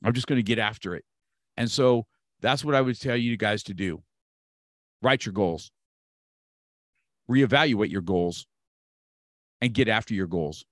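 A man's voice: lowish voice, a little slow, pauses often, no room sound, studio quality. A man around sixty from California, a martial arts instructor talking as a guest, emphatic and repeating key phrases to motivate. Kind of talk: motivational conversation.

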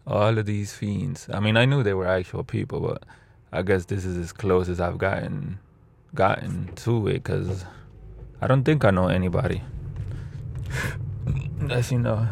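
Low gravelly guy rambling a cussy story about driving uber, sitting in his car. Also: normal speed, no room sound. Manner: rambling, profane, animated quotes. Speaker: rideshare driver telling a story. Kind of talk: casual storytelling.

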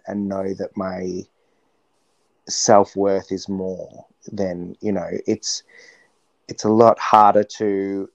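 A man talking earnestly as an interview guest, reflecting slowly with frequent restarts. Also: sits low, a little mellow, no room sound, lo-fi sound. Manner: earnest, searching, many restarts. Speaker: interview guest, stage performer.

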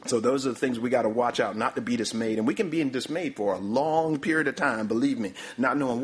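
A man's voice: medium pitch, fast, few pauses. A man preaching a sermon in a mid-range voice, often repeating "my, my, my." He calls for the next slide while he speaks.

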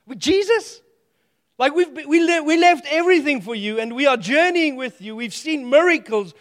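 A man preaching a sermon, animated and playful, telling stories with humor. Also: extremely high pitch, normal speed, in a large hall.

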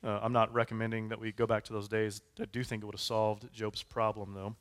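A man's voice: on the low side, little pitch movement, brisk. A man preaching a sermon in a conversational way, with casual fillers and asides. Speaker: pastor.

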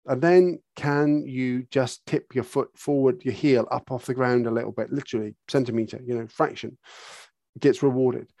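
A man's voice: medium pitch, fairly even intonation, moderate pace, vocal fry, mellow, no echo, studio quality. A man, a horse trainer answering interview questions, talking eagerly and acting out little bits of dialogue as he explains.

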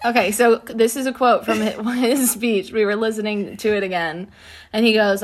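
A woman's voice: mid-range voice, steady tone, brisk. Chatty young woman recapping a show. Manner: chatty, enthusiastic, gushing. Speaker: podcast co-host. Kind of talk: casual chat recapping a show.

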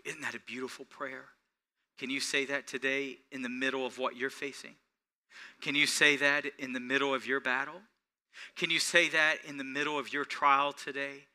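A man preaching a sermon, building to rising, emphatic passages and slowing to stretch out key phrases. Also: medium pitch, pushed and bright. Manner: preaching with swelling intensity and slow, drawn-out emphasis. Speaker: pastor.

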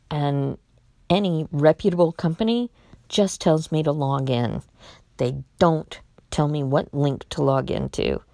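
A woman's voice: sits low, creaky, warm tone, no echo, studio quality. A woman talking casually to her viewers with a blunt, exasperated and outspoken manner. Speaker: vlogger warning about scams. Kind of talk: casual monologue to camera.

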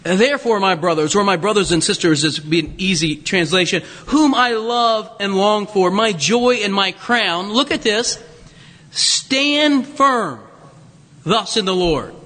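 A man preaching a sermon, telling stories with humor and asides in an animated way. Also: sits high, a little slow, long reverb tail. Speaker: pastor.

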